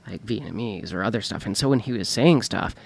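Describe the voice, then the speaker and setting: Low gravelly-voiced man chatting. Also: lively intonation, a little fast. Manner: easygoing, curious, reacts and asks questions. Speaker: podcast co-host. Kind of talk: casual chat.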